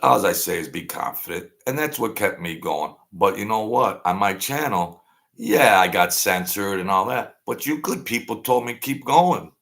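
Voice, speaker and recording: A man's voice: fairly low pitch, lively intonation, moderate pace, creaky, a bit bright. A man in his sixties hosting a live stream, talking casually and rambling to his viewers, often digressing and laughing at his own jokes. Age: 60s.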